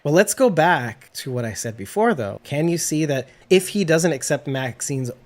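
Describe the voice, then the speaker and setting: Low-voiced woman podcast co-host. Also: moderate pace. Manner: animated, laughs often, jokey rants. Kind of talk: casual chat.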